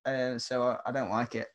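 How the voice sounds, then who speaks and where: A man's voice: medium pitch, flat delivery, a little slow, fairly bright tone. A young man, co-hosting a podcast and telling a story in casual chat, laughing often and using lots of fillers. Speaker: podcast co-host.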